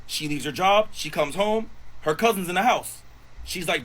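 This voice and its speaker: A man casually retelling a story, animated and acting out the quotes with cursing. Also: sits high, normal speed, poor audio. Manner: animated, swears, acts out quotes. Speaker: storyteller on social video.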